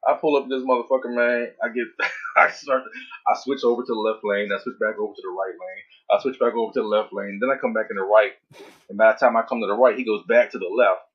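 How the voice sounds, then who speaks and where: Male co-host in his thirties, husky, dull lo-fi sound, animated and profane in casual talk. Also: lowish voice, fast talker. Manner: animated storytelling with heavy swearing. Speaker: podcast co-host. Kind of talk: casual chat. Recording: dull lo-fi audio.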